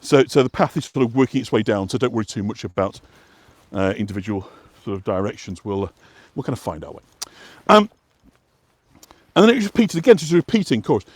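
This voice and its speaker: A man's voice: medium pitch, very animated, quick pace, no echo. A man from West Yorkshire chatting and explaining as he walks along an outdoor path, rambling with many fillers and restarts. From West Yorkshire, England. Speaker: walking guide and vlog host. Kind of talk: casual explanatory chat while walking.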